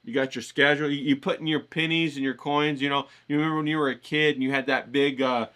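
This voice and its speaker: A man's voice: mid-range voice, steady tone, fast, fairly bright tone. Hyped-up slangy motivational guy. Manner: hyped, coaxing, repeats himself, slangy. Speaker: motivational vlogger. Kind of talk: casual motivational pep talk.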